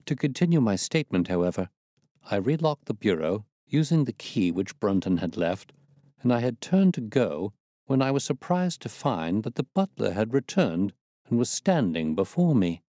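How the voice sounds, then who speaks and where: Expressive male audiobook narrator. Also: lowish voice, no echo, studio quality. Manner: measured, expressive reading. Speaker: storyteller. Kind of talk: audiobook reading of a classic detective story.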